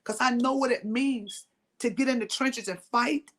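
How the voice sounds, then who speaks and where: A woman's voice: on the high side, normal speed, a bit bright. Emphatic woman giving a motivational talk. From Mississippi, US. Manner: emphatic, repeats key phrases, asks audience questions. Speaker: motivational speaker.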